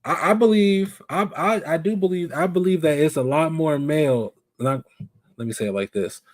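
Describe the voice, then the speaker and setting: Animated man chatting on a live stream. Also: on the high side, normal speed, dry recording, clean studio sound. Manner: animated, asks viewers questions. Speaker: live show host. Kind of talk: casual live stream chat.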